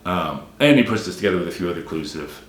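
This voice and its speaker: Wry low-voiced man critiquing a film. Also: expressive, racing, reverberant. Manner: wry, emphatic, repeats points for effect. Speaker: film commentator. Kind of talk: solo film critique monologue.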